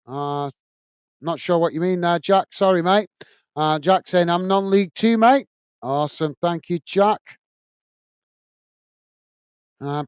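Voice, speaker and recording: Man as a friendly English football streamer, high clear voice, dry close mic, reading chat. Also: no echo. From England. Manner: chatty, friendly, grumbles at laggy software. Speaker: football channel host. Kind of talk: live watch-along chat reading viewer comments.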